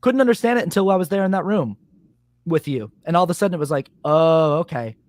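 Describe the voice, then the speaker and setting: A man's voice: high-pitched, animated, racing, a little mellow, dry recording, clean studio sound. A man hosting a podcast, telling a personal story animatedly and acting out what was said, with casual swearing. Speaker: podcast host. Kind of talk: casual conversation.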